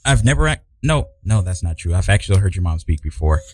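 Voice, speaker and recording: Halting man in casual chat. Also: deep voice, big pitch swings, a little mellow. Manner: halting, many restarts, laughs along.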